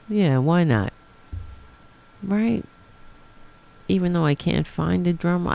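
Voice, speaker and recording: A woman's voice: deep voice, expressive, a little slow, gravelly, long pauses. A woman hosting a casual live-stream talk show, flustered, swearing and stumbling over her words. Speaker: host.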